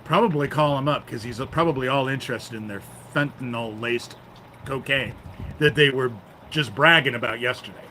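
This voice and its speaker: A man's voice: mid-range voice, normal speed, bright, forceful tone, slight background noise. Angry, profane man ranting on a livestream. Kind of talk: ranting live stream monologue.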